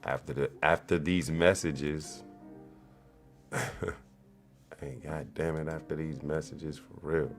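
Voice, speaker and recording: A man's voice: rumbling low, steady tone, slow, pauses often, soft background music. A man in his forties hosting a show, giving loose, profane commentary in street slang. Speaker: show host. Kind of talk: casual commentary.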